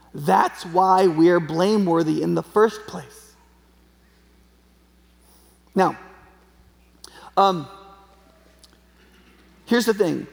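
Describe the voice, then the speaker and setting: Brief: chatty, humorous man preaching, fairly high voice with a gravelly edge, echoing hall. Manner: conversational, joking, uses a live chicken as a prop. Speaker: pastor. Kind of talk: sermon. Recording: long hall reverb.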